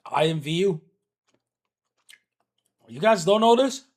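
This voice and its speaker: Male streamer, casual profane storytelling, highish voice with a lively, swooping pitch. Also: takes it slowly. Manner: animated, profane, swings from mutters to shouts. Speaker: livestreamer.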